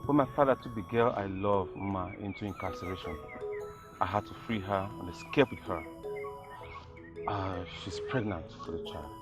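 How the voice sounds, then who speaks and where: A man with a Nigerian accent playing a young prince who speaks calmly and reassuringly. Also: sits low, normal speed, over music, close to an everyday voice. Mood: determined. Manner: calm, reassuring. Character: young prince, determined and protective. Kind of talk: film acting.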